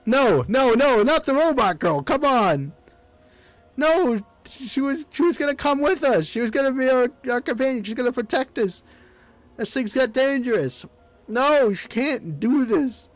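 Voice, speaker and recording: A man voicing a small frightened child hero in a game playthrough, speaking in a high anxious pleading voice. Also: lively intonation, measured pace, dry recording. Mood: panicked.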